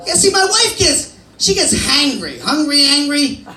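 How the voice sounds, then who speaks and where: A man's voice: very high-pitched, big pitch swings, measured pace, sharp tone. Man doing crude stand-up in a club. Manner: crude, punchy joke delivery with acted-out quotes. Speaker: stand-up comedian and emcee. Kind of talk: stand-up comedy set. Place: comedy club stage. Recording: roomy club sound from a distance.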